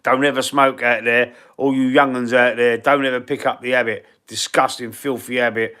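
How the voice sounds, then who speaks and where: A Cockney man from East London answers viewer questions on a live stream, his breathing husky and wheezy throughout. He talks bluntly and casually, with plenty of slang, and his voice sits at an ordinary middle pitch for a man. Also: level tone, moderate pace, pushed and bright. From East London, England. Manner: blunt, slangy and chatty, calling viewers bro and mate. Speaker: fan channel live streamer.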